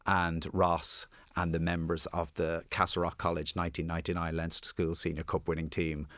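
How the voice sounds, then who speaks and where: A man's voice: sits low, monotone, normal speed, fairly bright tone, no echo. An Irish man talking as an author guest in a radio studio interview, rambling and self-deprecating with many restarts. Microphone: studio microphone.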